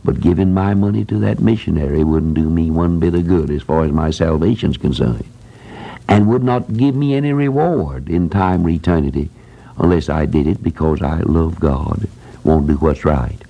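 A man's voice: extremely low pitch, animated, moderate pace, creaky, slightly rough, highs cut off. An older man preaching a sermon in a plain folksy way, repeating phrases for emphasis. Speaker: preacher who runs a Christian school.

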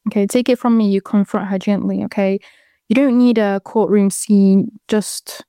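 On a casual advice show, a British-accented woman of 22 talks openly with listeners, often rambling off on asides. She has a warm, mid-range voice with fairly even intonation and normal speed, and the clean studio recording carries no room sound.

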